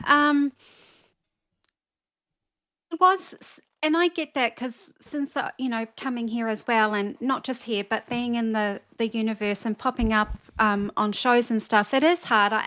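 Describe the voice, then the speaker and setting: A woman's voice: a little high, measured pace, fairly bright tone. A woman co-hosting a casual online talk show, speaking hesitantly and often trailing off. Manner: hesitant, many fillers and restarts. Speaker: co-host. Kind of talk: casual chat.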